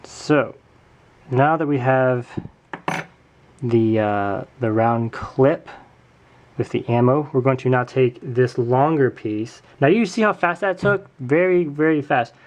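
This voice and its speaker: A man's voice: mid-range voice, slow pace, muffled recording. A man hosting a casual hands-on craft tutorial at home, chatting and correcting himself with jokey asides as he works. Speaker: tutorial host.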